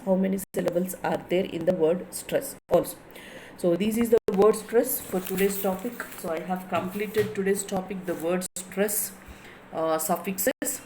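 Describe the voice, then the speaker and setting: Slow Indian English woman lecturing. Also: mid-range voice, dark tone, slight background noise, rough recording. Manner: slow, repeats words aloud to drill stress. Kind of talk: classroom lecture on word stress.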